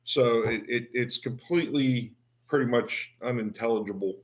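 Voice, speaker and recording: A man with a Pittsburgh accent tells stories in a loose, rambling way as co-host. His pitch is middling, and he laughs as he goes. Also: moderate pace. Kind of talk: casual storytelling.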